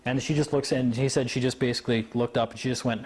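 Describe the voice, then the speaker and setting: A man telling a story to a small live audience. His voice sits at an ordinary middle pitch, and his delivery is animated as he slips into other people's voices. A faint hiss of noise runs under him. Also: quick pace. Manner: animated, acts out quoted voices.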